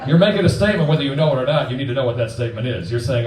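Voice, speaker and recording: In a stand-up comedy set, a man in his forties plays to a laughing crowd, crude and punchy, acting out quick voices. He speaks at a medium pitch with lively intonation. He's heard from a distance in a roomy club before a live audience.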